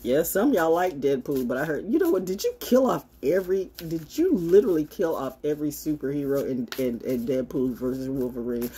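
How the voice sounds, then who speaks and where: A woman with a low, husky voice, talking to her camera in a casual, sassy monologue. Her pitch leaps about with lively swings, and she turns blunt and mocking by turns, speaking as a self-styled oracle. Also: fairly quick, few pauses.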